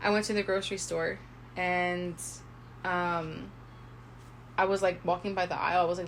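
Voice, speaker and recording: A woman's voice: lowish voice, moderate pace, long pauses, slight background noise. A young woman in her twenties co-hosting a podcast, telling a personal story in a casual, chatty way, full of "like" and quoted thoughts. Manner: chatty, heavy use of "like", animated retelling with quoted inner thoughts. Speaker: podcast co-host.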